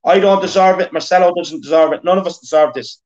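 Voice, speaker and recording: With a high, slightly mellow voice, a fast-talking Irishman near thirty runs a football fan show. His casual rant is earnest and full of repetition as he fires up the fans, and the audio is dull and lo-fi.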